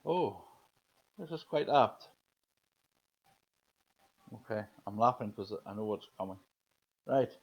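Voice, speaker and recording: A man reading oracle cards for viewers in a chatty, gently coaxing way, then leading a slow breathing exercise. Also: on the low side, animated, dull audio. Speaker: spiritual card reader. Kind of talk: live oracle card guidance, casual talk.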